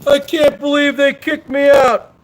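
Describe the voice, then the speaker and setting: A self-pitying drunk streamer wails the same complaint again and again, high-pitched and shouting, as a man mocks him. The delivery is slow and dragged out. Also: level tone. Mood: whining. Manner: wailing, repetitive complaining.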